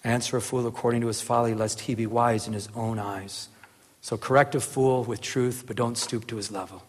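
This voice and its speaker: At medium pitch and a moderate pace, a man offers a casual, earnest Bible teaching, with a little hiss or hum on the recording. The hall is reverberant, and he rises into animated emphasis while often asking "remember?"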